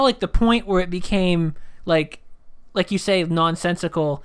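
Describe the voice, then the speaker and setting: A man's voice: high voice, measured pace, smooth, soft background music. A man co-hosting a podcast, chatting casually and encouraging his friend. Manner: enthusiastic, encouraging. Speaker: podcast co-host. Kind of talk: casual chat.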